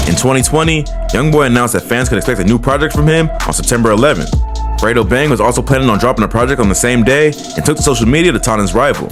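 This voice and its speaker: Guy narrating a doc, quick and matter-of-fact, music under him. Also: mid-range voice. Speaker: documentary narrator. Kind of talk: scripted narration.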